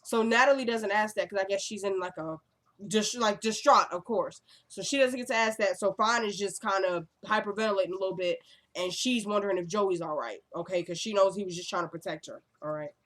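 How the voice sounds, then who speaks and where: A woman's voice: medium pitch, brisk. Chatty woman recapping a show. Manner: chatty, excitable, full of asides and "like". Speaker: TV episode recapper. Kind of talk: casual episode recap. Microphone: own camera.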